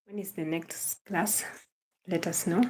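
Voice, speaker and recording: A woman's voice: lowish voice, steady tone, unhurried. A young Kenyan woman hosting a casual livestream, greeting viewers by name and gushing praise and thanks, repeating her phrases. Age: young adult. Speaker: livestream host.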